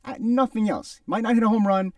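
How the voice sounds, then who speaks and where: A man's voice: high voice, fairly quick, darkish tone, no room sound, far from the mic. A young man co-hosting a sports radio show, giving emphatic, opinionated analysis.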